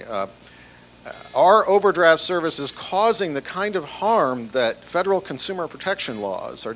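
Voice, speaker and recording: A man's voice: medium pitch, a bit bright, slight background noise. A man giving a conference presentation on banking compliance in a chatty, conversational way, with fillers and restarts. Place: large breakfast event room.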